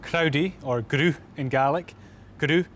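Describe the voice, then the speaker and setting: A man's voice: a little high, unhurried, a bit bright, a little hiss or hum. A man presenting on location in a playful, punning way. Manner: punning, jokey.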